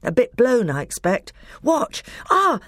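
A tense, loyal boy, as a woman reads him, quick and clipped, with a voice well above her own. It is recorded dry and close. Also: a little high, huge pitch swings, slightly rough, dry recording, pitched above the performer's own voice, exaggerated voice.

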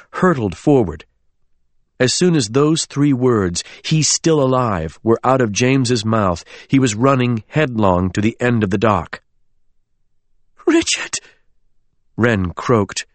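A man reading a dramatic novel aloud as narrator, in an expressive way. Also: medium pitch, no room sound. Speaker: audiobook narrator. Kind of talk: scripted narration.

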